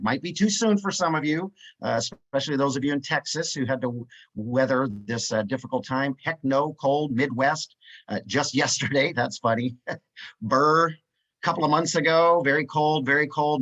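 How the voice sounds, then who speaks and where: A man's voice: medium pitch, rough recording. A man presenting a live webinar, upbeat and chatty, reading out chat replies with many "uh" fillers.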